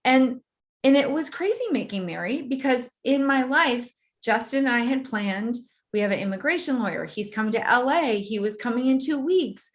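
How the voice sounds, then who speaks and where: A woman guest in an interview, telling a personal story in a vivid, animated way and often laughing. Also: a little high, normal speed.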